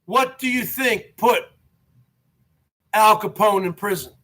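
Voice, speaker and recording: A man hosting a live stream, ranting and badgering his viewers with repeated questions and bursts of shouting. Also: high voice, takes it slowly, long pauses. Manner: shouts to whip up the audience.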